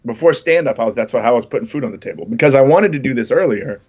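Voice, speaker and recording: A man's voice: mid-range voice, expressive, racing, a little mellow, muffled recording. A man in his fifties, a comedian guest, chatting casually on a podcast and telling stories with self-deprecating jokes. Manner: laid-back storytelling, self-deprecating jokes.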